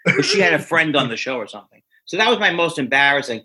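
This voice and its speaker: Husky comedian telling a rambling story. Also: male voice, on the high side, animated, bright, forceful tone. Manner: rambling, self-deprecating, halting restarts. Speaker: stand-up comedian, guest. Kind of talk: anecdotal storytelling.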